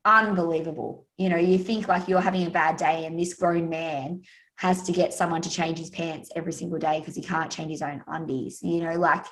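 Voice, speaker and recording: A woman's voice: fairly low pitch, little pitch movement, brisk, a bit bright, poor audio. An Australian woman, a guest speaker and author, talking in a chatty, storytelling way on a podcast. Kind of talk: casual podcast interview.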